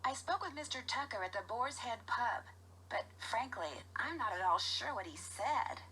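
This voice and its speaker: A woman's voice: on the high side, animated, moderate pace, bright, forceful tone, slight background noise. An actress playing a polite, curious young woman detective in a mystery game.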